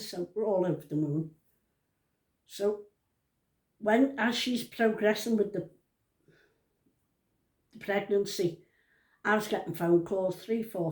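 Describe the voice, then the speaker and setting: The storyteller, a woman in her seventies, chats her way through a family tale at home on camera, rambling and breaking off often. She has a medium-pitched, slightly mellow voice, and the recording is reverberant.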